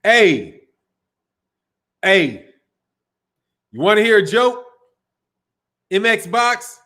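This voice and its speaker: A man's voice: high voice, very animated, drawn-out words, pauses often, sharp tone. A middle-aged man from Chicago hosting a boxing live stream in a loose, slangy, casual chat, laughing often. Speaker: boxing channel host.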